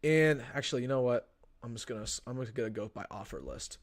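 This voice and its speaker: A man's voice: medium pitch, a little fast. A young man hosting a casual sports live stream, thinking aloud with frequent restarts and ums. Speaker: sports livestream host.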